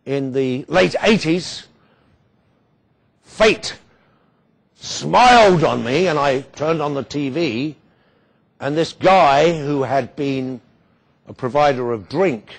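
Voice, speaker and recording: A man giving a storytelling speech with wry humour and dramatic pauses. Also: medium pitch, gravelly, breathy edge. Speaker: guest speaker.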